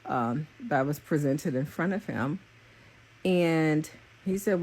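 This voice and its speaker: A young adult woman who works as a psychic reader and spiritual coach delivers an earnest, openly emotional spiritual message in casual, confessional talk. Her voice is low, slow, a little mellow and slightly breathy. She rambles, repeats herself and leans on plenty of fillers.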